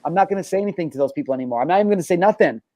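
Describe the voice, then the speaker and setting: Emphatic swearing podcast host, dark dry voice. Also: male voice, high voice, animated, rapid-fire, dry recording, poor audio. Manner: emphatic, swears often, repeats and restarts. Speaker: show host. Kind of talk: candid podcast talk.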